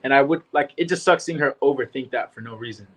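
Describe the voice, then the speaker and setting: A young man co-hosting a reality show recap, talking in relaxed slangy banter and often laughing. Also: mid-range voice, fast talker. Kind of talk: casual chat.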